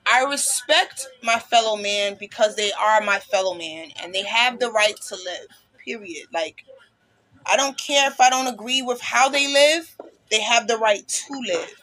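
A woman's voice: on the high side, a little slow, a bit bright. A woman hosting a casual podcast, talking bluntly and passionately, with plenty of swearing. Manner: blunt, profane, passionate ranting. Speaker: podcast host.

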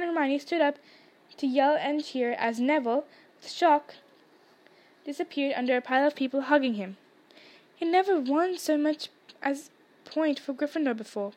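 A woman with a high, light voice reads a storybook aloud. She narrates steadily and shifts her voice a little when characters speak. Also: darkish tone.

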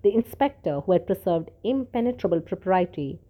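A woman narrating a story in a steady, measured reading voice. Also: lowish voice, narrow, tinny audio. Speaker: audiobook narrator.

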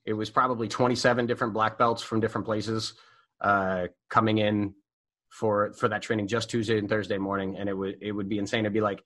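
A man telling stories in a casual, animated way, swearing freely and leaning on fillers. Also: lowish voice. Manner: animated, profane, full of fillers. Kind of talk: casual storytelling.

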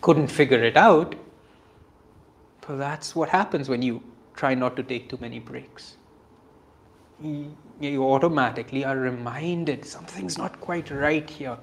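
A man gives a reflective spiritual teaching on scripture, earnest and self-deprecating, often chuckling softly. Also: medium pitch, measured pace, creaky, slight background noise. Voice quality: earnest and self-deprecating, with frequent soft laughs.

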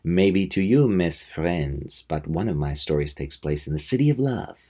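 A man's voice: deep voice, lively intonation, normal speed, dark tone. A man hamming up a sinister horror host with mock French accent. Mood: sinister gleeful. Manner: theatrical, gleeful.

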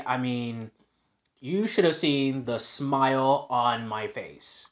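A man's voice: mid-range voice, slow, dull audio. A man hosting a casual personal podcast monologue, upbeat and rambling with lots of fillers and restarts. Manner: upbeat, positive. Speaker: podcast host.

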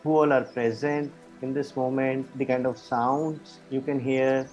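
A man coaching a group through a guided meditation, giving slow, soothing, repetitive relaxation cues over an online call. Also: medium pitch, fairly even intonation, a little mellow, faint music behind, rough recording. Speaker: life coach leading a guided relaxation session.

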